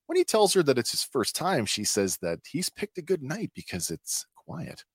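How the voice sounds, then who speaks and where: A man's voice: on the high side, wildly swooping pitch, moderate pace, slightly rough, no echo, studio quality. A man hosting a podcast, recapping an episode in a chatty way with many filler words. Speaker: podcast host.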